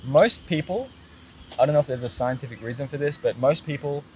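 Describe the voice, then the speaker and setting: A man's voice: medium pitch, brisk, darkish tone, poor audio. A man, an archery coach hosting a casual live Q&A, explaining things step by step and joking around. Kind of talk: casual live-stream Q&A chat. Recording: clear background noise.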